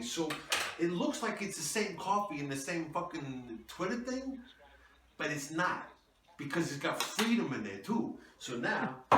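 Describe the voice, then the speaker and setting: Man playing a bullying swearing internet warrior, higher pitched and loud, roomy distant sound. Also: a little hiss or hum. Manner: profane, bullying, bombastic war talk. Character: ranting, self-important online free-speech warrior, man. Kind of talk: comedic character sketch. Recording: echoey, mic far off.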